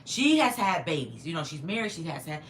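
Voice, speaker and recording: A woman's voice: low-pitched, very animated, fairly quick, a little hiss or hum. A woman in her fifties telling a long personal story on a livestream, chatty and digressive, stopping to answer viewer comments. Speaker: livestream host.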